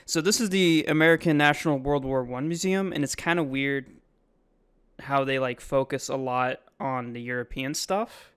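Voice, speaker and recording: A man's voice: mid-range voice, normal speed, fairly bright tone, clear, resonant tone. A man giving casual, rambling voice-over commentary on his own video, full of ums and likes. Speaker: vlogger. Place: voice-over, not recorded in the museum.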